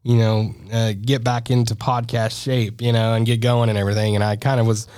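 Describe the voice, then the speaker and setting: A man's voice: medium pitch, little pitch movement, brisk, darkish tone, no room sound. Chatty man co-hosting a podcast. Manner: chatty, laughs often, many fillers and restarts. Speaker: podcast co-host. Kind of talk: casual chat. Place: podcast studio.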